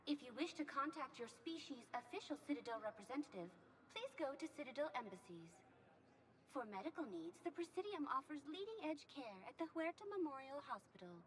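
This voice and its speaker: A woman voicing a calm, formal station information guide in a game, in a polite announcement manner. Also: high-pitched, brisk, long reverb tail, slight background noise. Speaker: Citadel docking bay guide.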